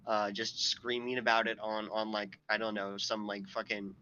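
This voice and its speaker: A man's voice: on the low side, completely flat delivery, normal speed, sharp tone, lo-fi sound, slight background noise. A man hosting a podcast, telling a story in a rambling, profane way, full of fillers and his own laughter. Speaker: podcast host. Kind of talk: casual podcast chat.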